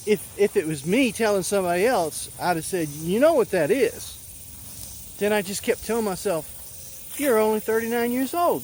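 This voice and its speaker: A man in his thirties telling a personal story in a casual, halting way, with many fillers and restarts. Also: high-pitched, a little hiss or hum. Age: 30s.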